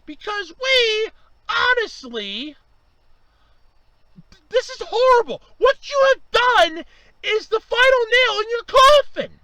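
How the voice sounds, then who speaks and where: A man ranting angrily to camera, swearing and raising his voice to yelling, his voice strained from shouting. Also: very high-pitched, very animated, slow, pauses often, muffled recording, a little hiss or hum. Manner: heated, swearing, raises voice to yelling. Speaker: vlogger. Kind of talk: angry ranting monologue.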